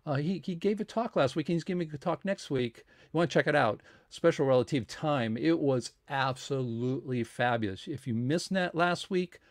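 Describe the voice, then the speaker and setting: A man's voice: fairly high pitch, normal speed, hardly any pauses, no echo. A man hosting a science talk series, making casual, rambling announcements with many fillers and restarts and earnest appeals for support.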